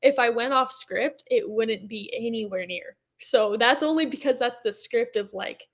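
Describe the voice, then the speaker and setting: A young American woman talking casually as an interview guest, chatty and quick to laugh, with lots of fillers. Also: on the high side. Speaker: guest, motocross racer.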